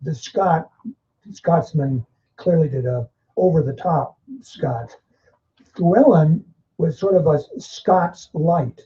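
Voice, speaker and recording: A man's voice: fairly high pitch, takes it slowly, dark tone. A man in the audience asking a question at a seminar, chatty and hesitant. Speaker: audience member. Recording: muffled live recording.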